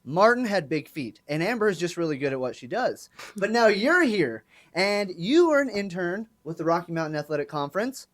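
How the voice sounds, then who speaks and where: A woman's voice: lowish voice, very animated, brisk, few pauses. A young woman hosting a live college sports radio show, playful and hyped, teasing her co-host. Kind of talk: live campus radio banter. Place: campus radio studio.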